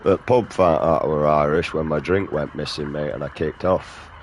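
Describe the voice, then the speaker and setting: A man's voice: rumbling low, fairly even intonation, moderate pace, slight background noise. A man rambling and swearing casually while playing a video game. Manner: rambling, profane, drawling. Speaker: gaming streamer.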